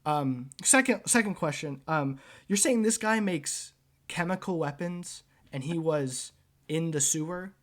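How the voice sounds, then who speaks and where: A man's voice: a little high, measured pace, a bit bright. Casual man running a tabletop game. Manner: casual, swears, many fillers. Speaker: game master.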